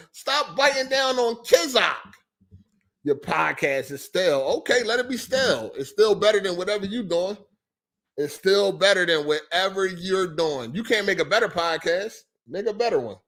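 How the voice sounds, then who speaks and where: In a heated live-stream rant, a gaming podcast host with a fairly high voice swears freely and gets animated while responding to chat. He talks at a normal pace and argues back at the chat.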